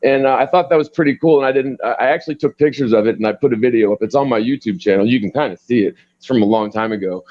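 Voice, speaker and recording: A man's voice: medium pitch, very fast, hardly any pauses, no echo. Rambling man on dull, dry call audio. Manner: rambling, heavy on fillers like "like". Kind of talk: casual panel discussion.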